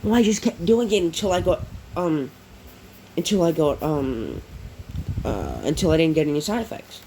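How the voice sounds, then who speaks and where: A man's voice: fairly high pitch, very animated, normal speed, dark tone, poor audio. A man voicing an eager young male hero with a thunder power, in an upbeat, explaining way, with a faint hiss behind him.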